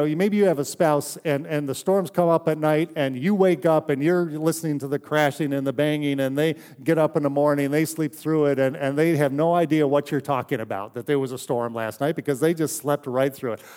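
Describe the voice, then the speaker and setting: A man preaching a sermon in a conversational, story-telling way, often dropping to a soft hush for emphasis. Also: fairly high pitch. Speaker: pastor.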